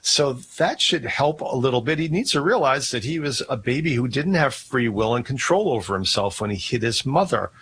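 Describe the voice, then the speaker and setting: A man hosting a call-in radio show, explaining in a calm, plain way. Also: medium pitch, moderate pace, few pauses, slight background noise. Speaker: radio host.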